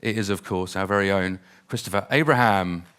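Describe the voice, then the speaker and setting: A man's voice: deep voice, a little fast, heavy background noise. A man hosting a conference, introducing the next speaker on stage in an upbeat, chatty way. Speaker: conference host.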